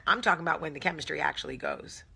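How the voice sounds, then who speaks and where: Blunt, bright-voiced Jersey woman host. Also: low voice, lively intonation, very fast, vocal fry, breathy edge. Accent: New Jersey. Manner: candid, jokey, blunt, sometimes profane. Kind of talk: casual live chat with viewers.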